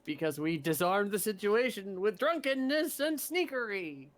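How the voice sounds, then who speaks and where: A man playing in a tabletop game, chatting casually and playfully in quick bursts. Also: high voice, animated, fairly bright tone. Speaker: player.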